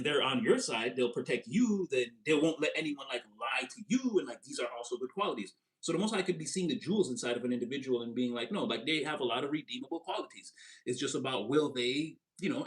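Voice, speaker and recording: A man giving a casual tarot reading, animated and rambling, with his voice jumping up for emphasis. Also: mid-range voice. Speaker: tarot reader.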